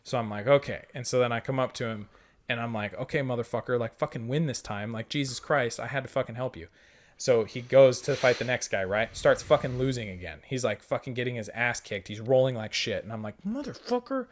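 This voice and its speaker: A man's voice: medium pitch, fairly quick, a little hiss or hum. A young man casually retelling a tabletop game session, swearing freely and quoting the other players. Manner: profane, animated retelling with quoted dialogue. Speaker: podcast host.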